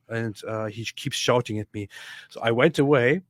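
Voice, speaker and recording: A man at a middle pitch tells a story in casual podcast chat. He is animated, often restarts his sentences and acts out the other person's lines. The sound is close and dry. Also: normal speed, dry recording. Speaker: podcast co-host.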